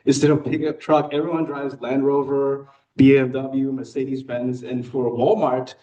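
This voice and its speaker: A man's voice: mid-range voice, little pitch movement, normal speed, dark tone, dull audio. A man in his thirties from Hong Kong with an American accent, giving a prepared personal speech to a club with self-deprecating humor and occasional filler words. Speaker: new club member giving a talk. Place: meeting room. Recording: voice picked up from a distance.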